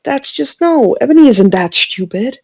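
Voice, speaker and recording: A woman's voice: a little high, expressive, normal speed, creaky, a little mellow, breathy edge. A woman on a fan podcast keeps firing off incredulous questions in casual chat. Her audio sounds muffled and lo-fi, as if from a weaker mic. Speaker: podcast co-host. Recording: dull lo-fi sound.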